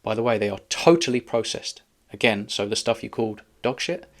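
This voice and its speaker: A man's voice: lowish voice, animated, brisk, a bit bright. A man hosting a reaction video, arguing back sarcastically at a clip. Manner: sarcastic, argumentative. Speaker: channel host reacting to a clip. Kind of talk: reaction commentary.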